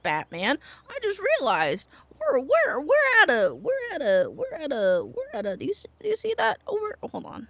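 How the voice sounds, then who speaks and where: A woman streaming a game live, her voice high and bright with wide, lively swings in pitch. She lurches from sharp yelps to grumbled asides and swears freely while thanking her chat. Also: normal speed, few pauses, no room sound. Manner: excitable, swings from yelps to muttering, swears a lot.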